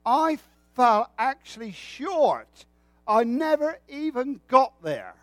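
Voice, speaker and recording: A man's voice: very high voice, very animated, slow pace, a bit bright, dry recording. A man preaching a sermon with a folksy, joking way of telling stories.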